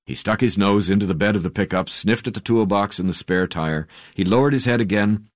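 Very deep-voiced man narrating an audiobook. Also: brisk, dry recording. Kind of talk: scripted memoir narration.

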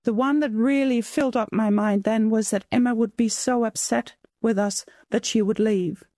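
A middle-aged woman answers an interviewer's questions, her voice pitched a little high and recorded close and dry. She speaks haltingly, searching for words as emotion rises in her. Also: steady tone, mellow, no echo. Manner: tearful, halting, reflective. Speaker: interviewee, mother of a donor-conceived child.

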